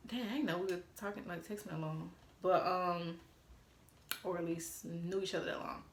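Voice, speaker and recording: Animated woman telling a story, echoey room. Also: on the low side, normal speed, slight background noise. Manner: animated, quotes texts aloud, swears freely. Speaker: vlogger. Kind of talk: casual storytime. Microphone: phone.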